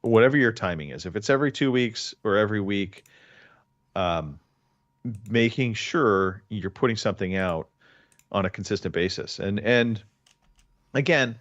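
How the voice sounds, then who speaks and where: A fairly low-pitched man hosts a relaxed podcast, rambling through his points and restarting his sentences often. The sound is dry and slightly dull, like a modest home mic. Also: moderate pace, long pauses, no echo. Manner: rambling, many restarts and fillers. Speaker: podcast host. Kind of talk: casual podcast chat.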